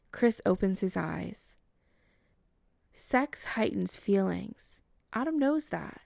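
A woman reads a romance story aloud at an unhurried, even pace. Her voice carries a heavy gravelly fry in a mid range. The sound is dry and close to the mic. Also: mid-range voice, no room sound. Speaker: narrator. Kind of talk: audiobook reading of a romance story.

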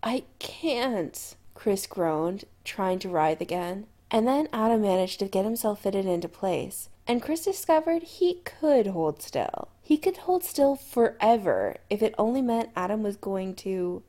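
A woman narrating a fan audiobook at a very slow, unhurried pace. Her voice is mellow and dark-toned, and she reads softly and evenly. She sits at a mid pitch for a woman. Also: animated. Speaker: podfic reader.

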